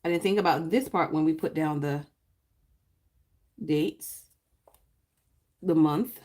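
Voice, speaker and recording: Woman host, casual live-stream chat over crafting, greets viewers by name, swoops high when excited. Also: slow. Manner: chatty, greets viewers by name, laughs often. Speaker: planner YouTuber hosting a live stream.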